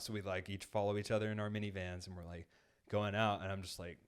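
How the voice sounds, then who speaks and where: Guy on a studio podcast mic, lowish voice, rambling story full of "like". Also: fairly even intonation, fast, smooth. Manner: rambling, heavy use of "like", acts out quoted lines. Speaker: podcast co-host. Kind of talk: casual storytelling. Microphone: studio microphone.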